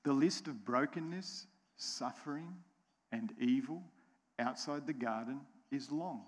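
A man with an American accent preaching a sermon to his congregation, slow and emphatic, repeating key phrases and putting questions to the room. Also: medium pitch. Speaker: pastor. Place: church sanctuary. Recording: long church hall reverb.

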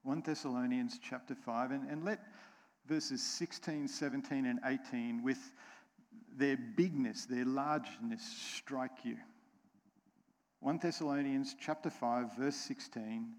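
Slow-preaching American pastor, echoing hall. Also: male voice, mid-range voice, fairly even intonation. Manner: slow, emphatic, repeats key phrases, asks the congregation questions. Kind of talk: sermon. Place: church sanctuary. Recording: long church hall reverb.

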